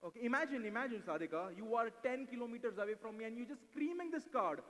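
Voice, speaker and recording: Male mentalist, playful stage patter, rapid delivery, handheld mic in a reverberant hall. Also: extremely high pitch, lively intonation, fairly bright tone. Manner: brisk and playful, mixing English with Hindi, coaxing volunteers. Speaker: stage mentalist performing card tricks. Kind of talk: live stage mentalism act with audience volunteers. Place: large event hall. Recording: live hall recording with long reverb.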